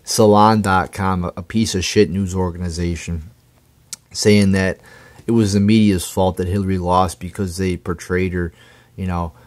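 Deep voiced guy ranting, swears a lot, keeps tripping over his words, real indignant. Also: steady tone, moderate pace, a little mellow. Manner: profane, stammering, indignant. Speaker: political commentator. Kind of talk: angry political rant.

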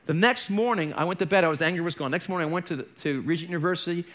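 A man's voice: a little high, very fast, fairly bright tone. A middle-aged man preaching a sermon as a pastor, candid and conversational, with joking asides. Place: church.

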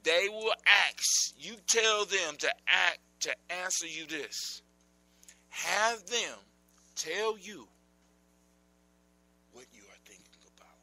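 A sly, crackly-voiced old witch who mutters her schemes in a bright, high, piercing tone, as a male storyteller puts her on. She is wicked and full of tricks, straight out of a folk tale told aloud. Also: animated, takes it slowly, pauses often, no echo, exaggerated voice. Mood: scheming. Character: old female witch, crooked and cunning.

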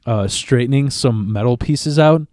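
A man's voice: medium pitch, moderate pace, darkish tone, no room sound, studio quality. A man, a stand-up comedian, telling long profane stories in a casual podcast chat and tripping over repeated words as he starts sentences. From Chicago area.

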